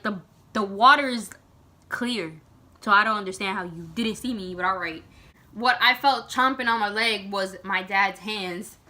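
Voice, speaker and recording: A woman vlogger telling a story to camera in a casual, animated way, full of "like" and dramatic retelling. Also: medium pitch.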